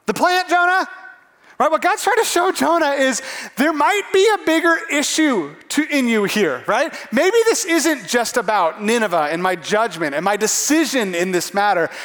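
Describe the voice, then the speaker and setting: Male pastor, high, lively voice, preaching in a reverberant hall. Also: moderate pace. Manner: animated, acts out voices of characters. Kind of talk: sermon.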